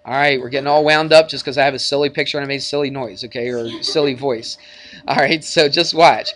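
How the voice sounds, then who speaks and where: A male math teacher giving a lesson in his classroom, at an ordinary middle pitch. He is chatty and jokey and trades playful remarks with his students as he works through problems. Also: fairly even intonation, fast, fairly bright tone. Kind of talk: classroom lecture.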